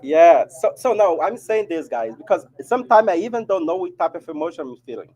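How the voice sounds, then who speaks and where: A man's voice: sits high, very animated, brisk, darkish tone, low-quality recording. A man with a Brazilian Portuguese accent giving a casual spiritual talk to an audience, often adding "right?". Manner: chatty, keeps asking "right?". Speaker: spiritist speaker. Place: meeting hall of a spiritist society.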